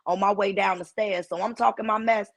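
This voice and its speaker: A woman's voice: medium pitch, fairly quick. Woman with a heavy, punchy voice. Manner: animated storyteller who acts out quoted voices. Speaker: guest comedian. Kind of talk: casual storytelling chat.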